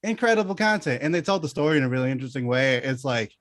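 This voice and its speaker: A man's voice: medium pitch, lively intonation, very fast, fairly bright tone, a little hiss or hum. A man co-hosting a podcast, enthusing about a film casually with swearing and jokes. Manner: enthusiastic, profane, joking. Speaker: podcast co-host. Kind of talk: casual chat.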